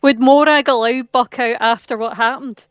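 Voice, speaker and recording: A woman's voice: fairly high pitch, steady tone, moderate pace, smooth, no room sound, faint music behind. A woman playing a tabletop role-playing game, describing her character's actions in a dry, offhand way. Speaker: player.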